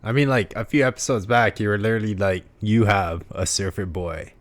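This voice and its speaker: A young man with a deep, very low voice chats casually as a podcast co-host. He is easygoing and self-deprecating, recorded in a small living room. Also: fairly even intonation, a little fast. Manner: laid-back, self-deprecating. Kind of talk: casual chat.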